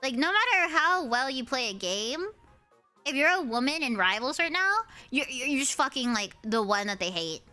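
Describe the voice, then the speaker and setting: Young woman streamer, super high cutesy anime-girl voice, bouncy and swearing a lot while she plays. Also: moderate pace, soft background music. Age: early 20s. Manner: animated ranting with frequent swearing. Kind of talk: casual gaming stream chatter.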